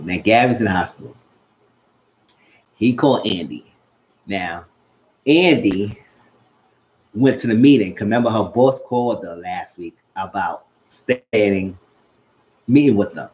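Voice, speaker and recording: A man's voice: fairly low pitch, unhurried, pauses often. A man casually recapping a TV episode, telling scenes and acting out the characters' quotes. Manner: animated, retells scenes, acts out quotes. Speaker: show recap host. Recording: dull lo-fi sound.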